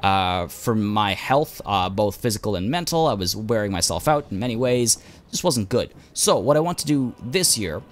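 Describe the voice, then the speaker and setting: A man's voice: on the low side, animated, moderate pace, a little hiss or hum. A man hosting a game let's play, losing his voice as he thinks aloud with plenty of uhs and ums. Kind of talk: gameplay commentary.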